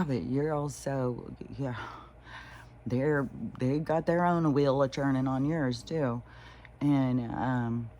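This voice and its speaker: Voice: medium pitch, darkish tone, slight background noise. Rambling, profane spiritual vlogger. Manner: profane, agitated, with mocking put-on voices of others; trails off into restarts and laughs. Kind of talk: rambling casual monologue.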